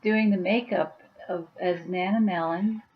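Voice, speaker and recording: A woman's voice: fairly low pitch, fairly even intonation, a little slow, muffled recording. A woman chatting casually on her vlog at home, rambling with many fillers. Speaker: YouTuber and author.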